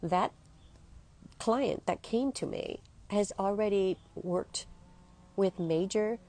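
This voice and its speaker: A woman's voice: medium pitch, slow pace, mellow. A woman in her fifties, a health coach, talking earnestly and emotionally straight to her listeners. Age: 50s. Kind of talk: motivational monologue to listeners.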